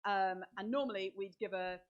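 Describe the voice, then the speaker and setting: A woman's voice: mid-range voice, moderate pace, lo-fi sound. A woman narrating as dungeon master, describing scenes vividly and talking through the rules aloud. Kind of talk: narrating a tabletop game.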